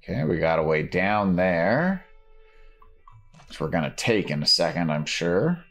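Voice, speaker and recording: Chatty low-voiced man streaming a game. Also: big pitch swings, measured pace, fairly bright tone, faint music behind. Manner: chatty, laughs often, talks to chat while playing. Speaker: let's play streamer. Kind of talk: casual live gameplay commentary.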